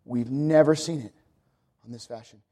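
A man's voice: mid-range voice, normal speed, warm tone. A young man preaching a sermon, emphatic and repetitive, building his points around a repeated refrain.

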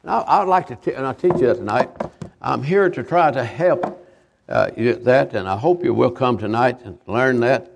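An older man, a visiting evangelist giving a homespun sermon testimony, halting and repeating himself as he tells his stories. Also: mid-range voice, lively intonation, vocal fry. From Kentucky, USA. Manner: halting, repetitive, homespun storytelling.

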